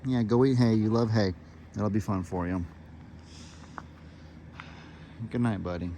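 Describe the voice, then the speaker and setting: A man speaks softly and tenderly to his young goat as he says good night. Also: on the low side, brisk, a little hiss or hum. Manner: soft, tender baby talk to an animal. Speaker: farm vlogger. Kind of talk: casual vlog.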